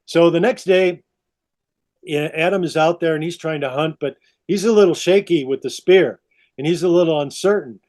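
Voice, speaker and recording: A man on a podcast telling a long story in a lively, animated way. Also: on the high side, moderate pace. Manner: lively, repeats 'all of a sudden'. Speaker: podcast guest.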